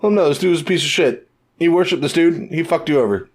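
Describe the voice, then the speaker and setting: A man co-hosting a podcast in casual chat, talking in an animated, profane way and acting out quotes. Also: fairly high pitch, quick pace. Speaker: podcast co-host.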